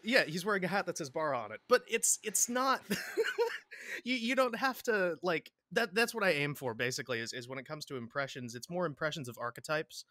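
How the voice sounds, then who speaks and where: A man's voice: on the high side, animated, normal speed, bright, forceful tone, no room sound, studio quality. A man chatting as a podcast guest, rambling with restarts and repeated words, laughing often. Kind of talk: casual interview chat.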